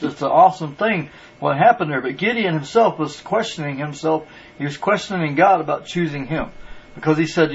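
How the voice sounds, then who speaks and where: Husky earnest man preaching. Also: a little high, muffled recording. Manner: earnest, repetitive, restarts phrases for emphasis. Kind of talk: sermon.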